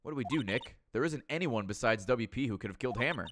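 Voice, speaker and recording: A man's voice: mid-range voice, expressive, fast, background noise, natural voice. A man voicing a worried young woman sidekick.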